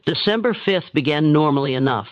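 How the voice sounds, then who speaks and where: A man giving steady, measured scripted narration of a dark historical story. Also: a little high. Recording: dull, dry, lo-fi sound.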